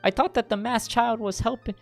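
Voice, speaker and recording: A man voicing a gracious female great fairy of magic, speaking slowly, formally and gently. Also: very high-pitched, fairly even intonation, soft background music, voice pushed up. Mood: grateful.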